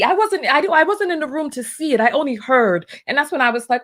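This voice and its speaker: A high-pitched middle-aged woman hosts her own show, sermonizing about the news in an emphatic, preachy monologue. She drives her points home with rhetorical questions, asks them again and again, and answers them herself. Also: animated, fairly quick, hardly any pauses. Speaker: show host. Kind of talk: opinion commentary monologue.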